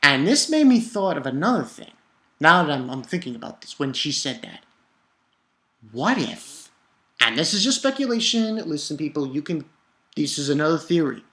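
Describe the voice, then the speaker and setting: A man's voice: on the high side, very animated, moderate pace, sharp tone. A young man talks through his review in a loose, rambling rant. He swears often and his voice heats up as he vents. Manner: profane, rambling, heated. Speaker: manga reviewer.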